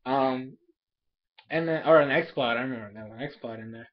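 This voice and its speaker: A young man casually recapping an anime episode in a rambling, animated way, full of fillers and quick asides. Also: mid-range voice, highs cut off. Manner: rambling, animated, filler-heavy, laughs often.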